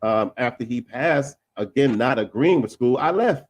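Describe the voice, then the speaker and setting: A man's voice: mid-range voice, animated, breathy edge, no echo. Emphatic man in casual talk. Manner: emphatic, repeats himself, quick asides. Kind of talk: casual discussion.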